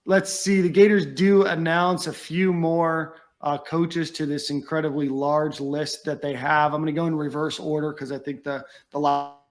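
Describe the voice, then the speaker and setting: A man's voice: a little high, moderate pace, hardly any pauses. Laid-back male podcast host. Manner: relaxed, steers the talk, many fillers. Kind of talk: casual sports podcast chat.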